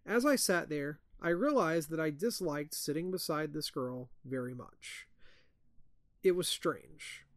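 Male host reading a ghost story, slightly high voice, very dry close sound. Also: lively intonation, unhurried, no room sound. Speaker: podcast host.

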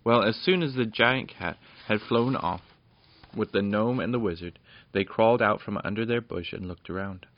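A man reading a children's storybook aloud in a plain, steady way, with small slips. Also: on the low side, normal speed, no room sound. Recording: dull lo-fi dry recording.

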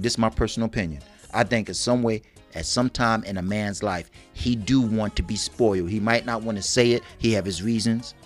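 A man co-hosting a casual relationship talk podcast, bragging playfully and acting out little quotes. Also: medium pitch. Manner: animated, bragging, acts out quotes. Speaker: podcast co-host.

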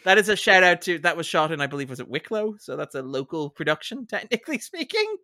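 Animated, bright-voiced male podcast host. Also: on the high side, fast, dry recording, studio quality. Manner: enthusiastic, laughs often, many fillers. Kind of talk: casual chat.

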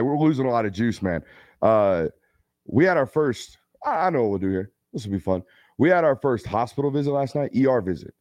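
A man in his thirties hosting a live football show, chatting casually and telling stories with loose slang and quick asides. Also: medium pitch, darkish tone, dry recording, clean studio sound. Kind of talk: casual live-stream chat.

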